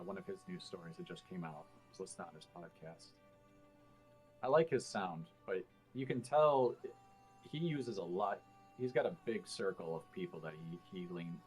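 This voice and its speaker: A man talking as a guest on a casual podcast, thoughtful and full of fillers. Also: deep voice.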